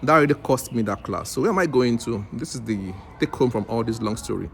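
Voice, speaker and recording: Speaking at a mid-range pitch with vocal fry and a fast pace, this Nigerian English teacher narrates a story for his casual vlog, with slight hiss or hum in the recording. He voices the other characters himself and keeps circling back to restart his sentences in an animated way.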